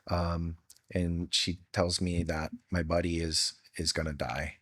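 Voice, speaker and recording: A man's voice: deep voice, little pitch movement, a little slow, a bit bright, no room sound, studio quality. A middle-aged man from Hawaii, a podcast guest telling personal stories in an earnest, heartfelt way with casual slang. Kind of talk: candid storytelling.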